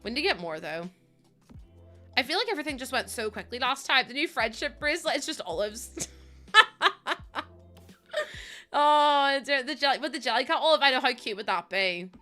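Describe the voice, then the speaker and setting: A Northern Irish woman in her late twenties chats on a gaming live stream, giggly and talkative as she answers viewers. Her voice is bright and a touch high, with faint music playing underneath. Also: animated, moderate pace, pauses often. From Northern Ireland. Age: 20s. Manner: chatty, giggly, answers chat. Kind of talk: casual live-stream chat while gaming.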